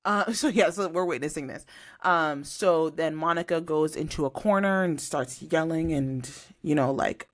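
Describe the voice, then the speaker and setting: A woman's voice: deep voice, normal speed. A young woman co-hosts a casual podcast, recapping reality TV drama. She tells the story with energy and acts out each quote. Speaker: podcast co-host.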